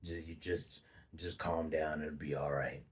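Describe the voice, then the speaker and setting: A man voicing his brother as a deep-voiced, steady man who soothes someone in pain. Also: soft background music. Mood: calming. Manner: low, slow, soothing.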